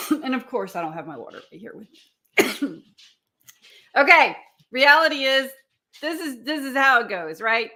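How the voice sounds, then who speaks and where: A woman's voice: sits high, sing-song, moderate pace, long pauses, pushed and bright. Earnest woman coach asking questions. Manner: earnest, asks many probing questions. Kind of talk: live-streamed coaching talk.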